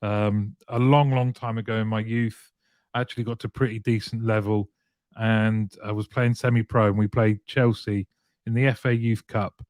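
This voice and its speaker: A man's voice: fairly low pitch, flat delivery, normal speed, a little mellow, dry recording, clean studio sound. A man hosting a weekly live show, chatting and greeting viewers one by one by name.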